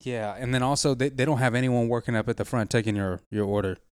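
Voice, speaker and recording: A man's voice: medium pitch, fairly even intonation, quick pace, clean tone, no room sound. Laid-back man telling casual stories. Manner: laid-back, profane storytelling with acted quotes. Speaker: podcast co-host. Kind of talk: casual chat.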